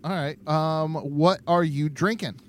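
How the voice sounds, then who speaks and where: A man's voice: fairly high pitch, steady tone, takes it slowly. A man co-hosting a podcast, steering the conversation and teasing his partner playfully. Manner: teasing, playful, leads the talk. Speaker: podcast co-host. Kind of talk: casual chat.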